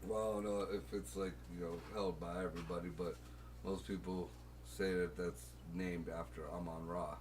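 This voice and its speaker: A man hosting a crude casual chat who talks loud and profane and often bursts into shouting. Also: low voice, flat delivery, moderate pace, recorded from a distance, noisy background. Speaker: host.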